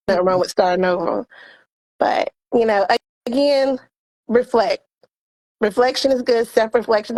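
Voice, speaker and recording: Expressive woman giving heartfelt advice. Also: on the high side. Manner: expressive, animated storytelling with quoted dialogue. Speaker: co-host. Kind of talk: casual heartfelt advice chat.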